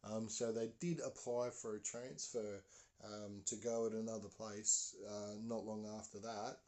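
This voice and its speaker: A man's voice: lowish voice, steady tone, unhurried, warm tone. A man hosting a podcast, telling a story in a loose, rambling way with fillers and sound words. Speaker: podcast host. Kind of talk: casual spoken storytelling.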